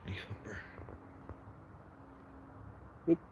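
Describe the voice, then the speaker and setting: A man with an Irish accent hosting a casual live gardening walkthrough, soft-spoken and mumbly, often half-whispering to his plants and insects. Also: extremely slow. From Ireland. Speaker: gardening livestream host. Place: outdoor vegetable garden. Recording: noisy outdoor livestream audio.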